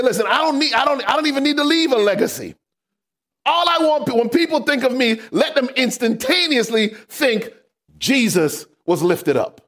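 Male preacher, high tenor, very lively delivery, call-and-response sermon, bursts into shouts. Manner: rises to shouts for emphasis.

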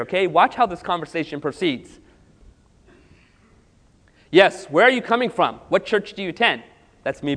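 A man preaching as a pastor, telling stories with lively acted-out dialogue to a congregation. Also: sits high, big-room sound. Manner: animated storytelling with acted dialogue. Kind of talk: sermon.

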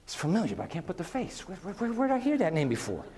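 A man's voice: high voice, wildly swooping pitch, very fast, crowd noise. A preacher voicing God as a breezy, playfully puzzled male judge. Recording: long reverb of a big hall.

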